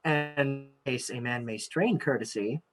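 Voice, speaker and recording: Woman doing earnest young nobleman, low-pitched, measured, staged reading. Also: soft background music.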